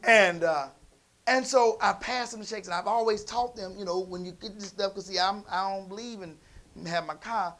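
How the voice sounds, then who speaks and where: A man preaching in a church, telling a family story in a conversational way that moves from quiet asides to loud emphasis. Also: high voice, a little fast. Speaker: pastor. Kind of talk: storytelling sermon.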